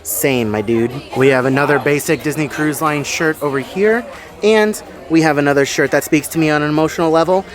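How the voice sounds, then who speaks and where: A man's voice: a little high, a little fast. A man vlogging casually to camera aboard a cruise ship, chatty and upbeat, talking straight to his viewers. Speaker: cruise vlogger, channel host. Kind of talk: casual vlog narration to camera. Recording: busy ship venues with music and crowd chatter behind.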